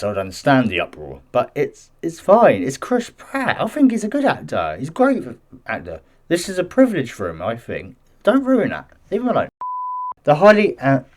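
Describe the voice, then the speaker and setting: A man with a fairly low voice talks through gaming news in a loose, chatty way. He reads an article aloud, breaking off for defensive asides and often tripping over his words. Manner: chatty and defensive, stumbles and restarts while reading. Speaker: gaming news channel host. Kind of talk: casual commentary mixed with reading news aloud.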